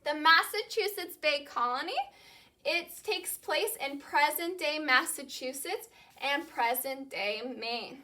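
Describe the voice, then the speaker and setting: A young woman teaching a class in a slow, clear way, saying key words and having students repeat them after her. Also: sits high, pushed and bright. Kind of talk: classroom lesson with call-and-response.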